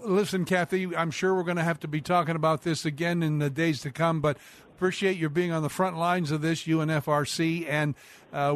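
A man hosting a radio talk show, interviewing a guest and reading sponsor spots in a measured, earnest way. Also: on the high side.

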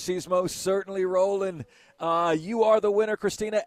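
A man hosting a radio show on location, chatting in a lively, playful way. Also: high-pitched, normal speed, no echo.

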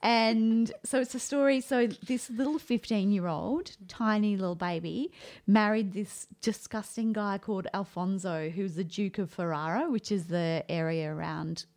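A woman's voice: mid-range voice, moderate pace, a little mellow. A woman co-hosting a casual book podcast, talking animatedly with frequent laughs and fillers. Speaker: podcast co-host. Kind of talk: casual chat about books.

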